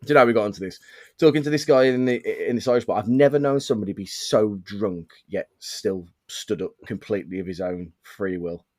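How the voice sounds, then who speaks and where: A man's voice: fairly low pitch, fairly quick, darkish tone, no echo, studio quality. A young man from the of England, chatting casually and telling rambling stories with plenty of swearing. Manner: rambling storyteller, swears freely. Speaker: podcast host. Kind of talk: casual chat.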